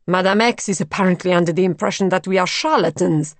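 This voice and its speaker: A woman's voice: lowish voice, quick pace, no echo, natural voice. Woman doing a proud, scornful man. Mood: ironic. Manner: scornful, ironic, indignant.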